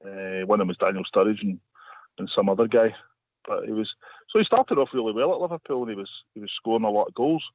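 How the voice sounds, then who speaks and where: A man's voice: on the low side, quick pace, dry recording. Man, radio guest, rambling storyteller, many restarts, tinny phone line.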